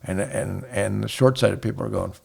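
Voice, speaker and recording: A man's voice: on the low side, normal speed, creaky, darkish tone, husky. A man in his seventies, a guest in a casual chat, telling rambling stories with many restarts. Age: 70s.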